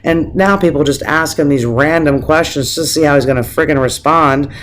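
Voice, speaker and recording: A man's voice: a little high, moderate pace, a bit bright. Emotional man ranting to camera. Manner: emotional, swears freely, frequent restarts. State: teary, on the verge of crying. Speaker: vlogger. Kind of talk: casual opinion rant to camera.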